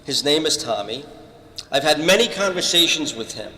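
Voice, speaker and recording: A man's voice: a little high, lively intonation, normal speed, bright, forceful tone. A man giving an earnest spoken testimony, telling stories from his own life and acting out the other people's lines. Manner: earnest, retells conversations with acted-out quotes. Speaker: panel speaker giving a testimony. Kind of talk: storytelling testimony talk. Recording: echoey hall with long reverb.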